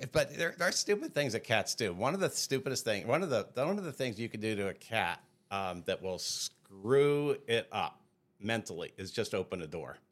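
A man's voice: on the low side, fairly bright tone. A man co-hosting a comedy podcast who tells loose, rambling pet stories in casual chat, with restarts and laughter. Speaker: podcast co-host.

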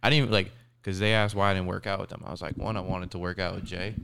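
Fast-talking gravelly young man. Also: low-pitched, little pitch movement, fairly bright tone. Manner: fast, slangy storytelling with lots of quoted dialogue. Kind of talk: casual chat.

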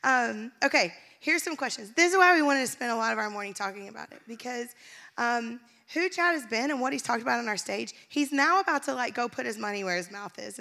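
Woman pastor, church stage, candid and emotional, bright and gravelly, high voice. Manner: candid, emotional, laughs often. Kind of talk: sermon-style church announcement.

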